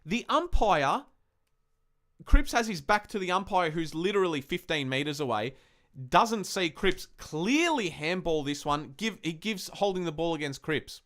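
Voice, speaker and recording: A man's voice: sits high, animated, a little slow, fairly bright tone. Sweary Australian man ranting about footy. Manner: heated, sweary, ranting fan commentary. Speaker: podcast host. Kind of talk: casual live-stream match review.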